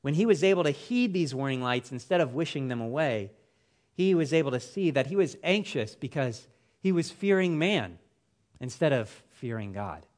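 A man preaching a sermon, with an expressive, emphatic delivery whose phrases fall away at the ends. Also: mid-range voice.

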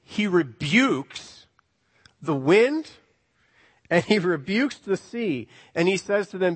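A man preaching a sermon, animated, swinging between loud emphasis and hushed words. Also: high voice, takes it slowly, husky. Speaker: pastor. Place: church sanctuary. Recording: long reverb of a hall.

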